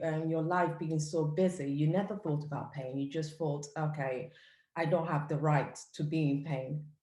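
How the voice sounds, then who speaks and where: A woman's voice: deep voice, warm tone, echoey room. A woman from the United Kingdom hosting an interview, asking long, earnest, admiring questions that ramble and restart. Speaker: interview host.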